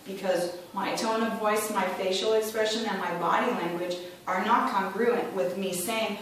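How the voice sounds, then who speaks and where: A woman's voice: mid-range voice, fairly even intonation, unhurried. A middle-aged woman talks to a club audience in a chatty way and acts out other people's voices when she quotes them. She sounds distant and very echoey, as if recorded from the back of a big room. A faint noise sits behind her. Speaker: club speaker. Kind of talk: prepared club speech.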